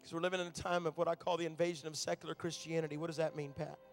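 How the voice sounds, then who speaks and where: High gravelly-voiced male preacher. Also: little pitch movement, rapid-fire, soft background music. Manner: conversational storytelling preaching. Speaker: traveling minister. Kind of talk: sermon. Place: stage in a large room.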